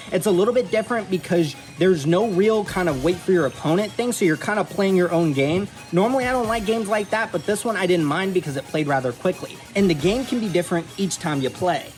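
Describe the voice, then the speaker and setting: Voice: mid-range voice, lively intonation, a little fast, few pauses. A host casually reviewing a board game in an upbeat way, filling sentences with "kind of" as they explain the rules. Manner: upbeat, many "kind of" fillers. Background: background music.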